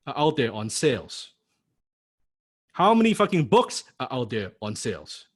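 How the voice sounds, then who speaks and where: A man teaching a recorded course lecture in a punchy, blunt way, firing rhetorical questions and checking "right?" after each point. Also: fairly high pitch. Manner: blunt, occasionally swears for emphasis. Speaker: course instructor.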